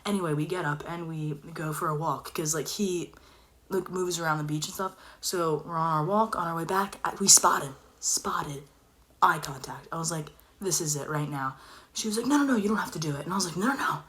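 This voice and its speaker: A young woman telling a personal story in casual chat, animated and dropping into whispers for emphasis. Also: low voice, brisk.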